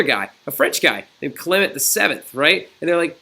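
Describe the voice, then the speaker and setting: A man's voice: on the high side, big pitch swings, normal speed, creaky, hardly any pauses, sharp tone. A man teaching a recorded history lesson in a chatty, digressive way, often checking in with "right?" and "okay?". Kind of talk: recorded classroom lecture.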